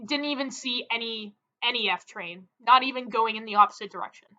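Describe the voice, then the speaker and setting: Chatty young woman, high voice. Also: fairly quick, muffled recording. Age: young adult. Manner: chatty, filler-heavy, animated. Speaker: vlogger. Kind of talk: casual storytelling.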